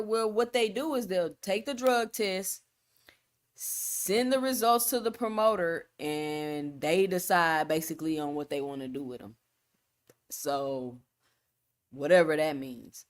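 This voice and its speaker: A woman's voice: low voice, moderate pace. A woman from Texas with a Texan accent, hosting a solo live stream, talking in an emphatic, repetitive way with casual slang and reading the chat. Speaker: boxing channel host.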